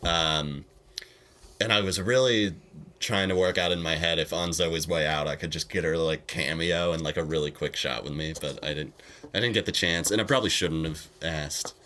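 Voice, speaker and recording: A young man co-hosting a podcast, telling a story in animated, hesitant casual chat with many fillers. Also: extremely low pitch, moderate pace, slight background noise. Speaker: podcast co-host.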